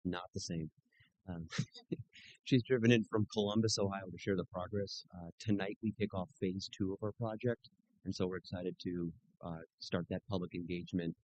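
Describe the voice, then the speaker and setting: Male staff member, very deep voice, polite formal introduction. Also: fairly even intonation, normal speed, darkish tone, dull audio. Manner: polite, self-correcting, with fillers. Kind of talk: introducing a presenter at a meeting.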